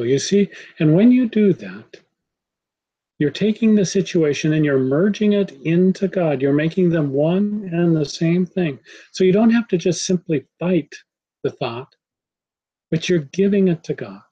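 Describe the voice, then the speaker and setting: Mellow-voiced man giving a calm sermon. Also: fairly high pitch, husky, lo-fi sound. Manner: calm, measured, devotional. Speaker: spiritual teacher.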